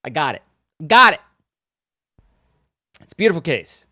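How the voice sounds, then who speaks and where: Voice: mid-range voice, a little slow, dry recording. Streamer rambling at chat, teasing, bouncy up-and-down voice, dry close mic. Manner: playful, teasing banter; rambling, animated. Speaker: live streamer. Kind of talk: casual chat with viewers.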